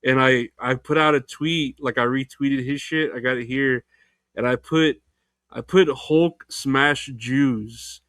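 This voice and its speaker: Young guy rambling and cursing on his solo podcast, mid-pitched voice, dead dry close mic. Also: steady tone, moderate pace, a bit bright, smooth, no echo. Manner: rambling, profane, loose and unfiltered. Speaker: podcast host. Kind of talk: casual solo podcast chat.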